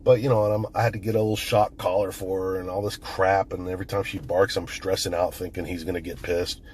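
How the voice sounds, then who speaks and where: A man's voice: low voice, little pitch movement, fast talker, a little mellow, a little hiss or hum. A middle-aged man who is the channel host, talking bluntly in a casual monologue, swearing constantly as he tells stories.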